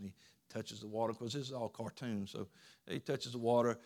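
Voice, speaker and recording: A man preaching to his congregation in a loose, conversational way, circling back and restarting his sentences as he tells a story. His voice sits at an ordinary middle pitch, and he sounds like he is talking in a church. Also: steady tone, quick pace, creaky, a little mellow. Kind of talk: informal sermon.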